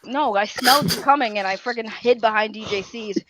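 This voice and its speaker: Bright-voiced woman on a gaming chat show, teasing and playful, a bit high. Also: fairly quick, no echo, low-quality recording. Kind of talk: casual chat.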